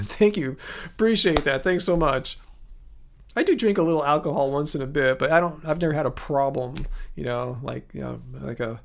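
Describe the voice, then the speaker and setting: A man's voice: fairly high pitch, moderate pace, gravelly. A man in his forties hosting a casual livestream, earnestly questioning viewers in chat with many restarts. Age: 40s. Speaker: livestream host answering chat. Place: home studio.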